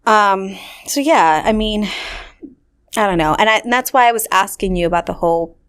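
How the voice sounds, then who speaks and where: A woman's voice: medium pitch, normal speed, clean tone. A woman in her late twenties hosting a podcast, telling stories in casual chat with lots of fillers and acted-out quotes. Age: 20s. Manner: animated storyteller, heavy "like" filler, acts out quotes. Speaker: podcast host.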